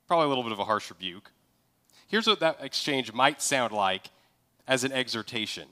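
A man's voice: medium pitch, animated, a little fast, pushed and bright. A man preaching a conversational sermon as a pastor, acting out sample dialogue to make his points.

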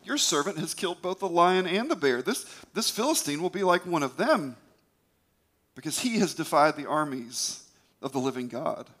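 An eager young shepherd boy, earnest and bold, as a man reads him in a retold scripture story. His voice sits a little high and presses forward with conviction. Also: lively intonation, normal speed, fairly bright tone. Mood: confident.

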